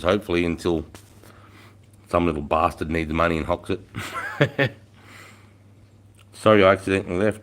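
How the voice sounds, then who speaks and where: A low-voiced Australian man in his forties hosts a casual live stream. He swaps army stories and reads out chat comments, swearing freely in an easygoing way. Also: a bit bright. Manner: swears a lot, laid-back, reads chat aloud. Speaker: livestream host, ex-soldier.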